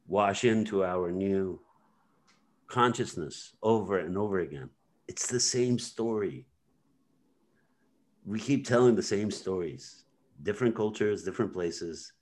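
Low-voiced guy hosting a podcast, talks real slow and rambly, lots of ums. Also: a little mellow. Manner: slow and meandering, with many fillers and retold movie scenes. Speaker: podcast host. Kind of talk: casual conversation.

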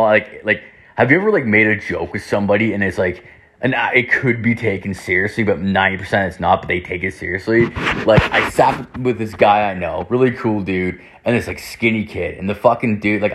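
A young man telling a rambling story in casual talk, swearing heavily and filling his speech with "like". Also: fairly low pitch. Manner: rambling, heavy swearing, constant "like".

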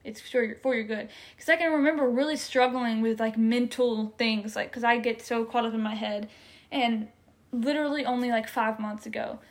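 An earnest young woman talks through her faith in a loose, conversational way, full of fillers and feeling. Her voice sits a little high for a woman. She speaks openly, as if to friends. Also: steady tone, normal speed. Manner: earnest, emotional, many "like" fillers. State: tearful at times. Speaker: faith podcast co-host. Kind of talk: casual faith testimony.

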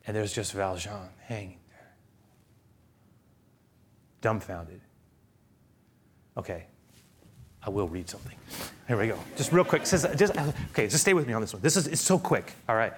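A man preaching a sermon, retelling a story with passion; he swings from hushed talk to loud, high excitement. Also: normal speed, pauses often, slightly rough. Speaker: pastor.

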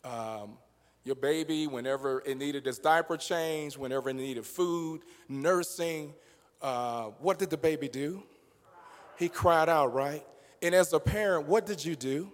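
A man preaching a sermon in a church, talking through it conversationally and then building up to passionate shouting. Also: fairly high pitch, measured pace, long reverb tail. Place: church sanctuary.

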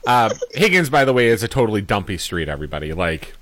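A man's voice: on the low side, very animated, fast talker, a bit bright, slight background noise. Laid-back podcast co-host man. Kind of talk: casual chat.

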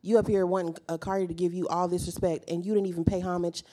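A woman co-hosting a casual gossip chat, animated and sarcastic. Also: lowish voice, quick pace. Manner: animated, sarcastic, reads tweets aloud. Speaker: podcast co-host.

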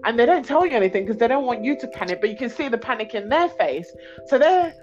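A woman, a podcast guest telling a dramatic personal story in lively casual chat, laughing often. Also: on the high side, quick pace, muffled recording, faint music behind. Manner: animated storytelling, laughs often, acts out others' voices.

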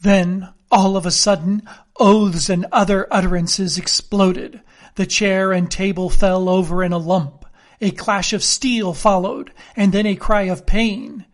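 Slow, measured male storyteller. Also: high-pitched, steady tone. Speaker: audiobook reader. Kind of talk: reading a classic novel aloud.

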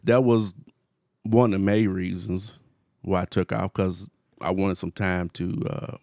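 A man in his forties telling a story in casual chat, animated, laughing often, with slangy phrasing. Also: sits low, measured pace, gravelly, no echo, studio quality. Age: 40s.

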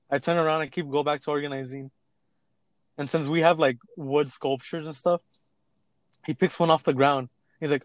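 A man's voice: fairly high pitch, normal speed, long pauses, no echo. A young man in casual chat, telling a work story with acted-out quotes and plenty of swearing. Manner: animated storytelling, acts out quotes, swears freely.

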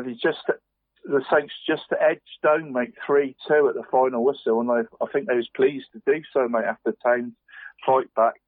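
A man's voice: medium pitch, no room sound. A man reading local football results on radio in a rambling, chatty way, calling his co-host "mate". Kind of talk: casual radio sports round-up. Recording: dry, tinny phone-like radio sound.

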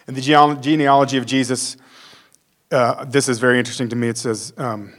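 A man's voice: mid-range voice, steady tone, a little fast. A male pastor giving a conversational sermon, acting out the quotes he reads.

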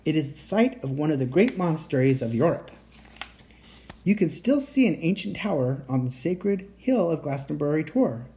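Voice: medium pitch, expressive, moderate pace, mellow, close to an everyday voice. A reader voicing a polite teenage boy enchanter who speaks in formal, old-fashioned phrasing. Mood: earnest.

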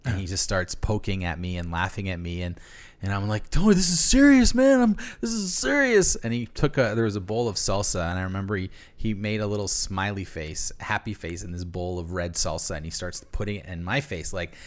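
Male podcast guest, lowish voice, meandering storyteller, lots of restarts. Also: fairly even intonation, a little fast. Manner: rambling, many restarts and fillers. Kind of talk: casual storytelling.

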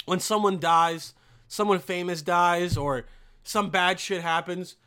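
A young man ranting profanely to camera as a vlogger, with loud bursts and mocking quoted voices. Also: sits high, fairly even intonation, slow, smooth. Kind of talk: profane comedic rant.

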